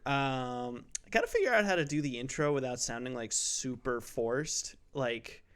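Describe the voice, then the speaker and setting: A man's voice: mid-range voice, big pitch swings, normal speed, a bit bright, clean tone. A young man hosting a casual podcast about games, joking and self-deprecating as he rambles through the intro. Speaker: podcast host. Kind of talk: casual chat.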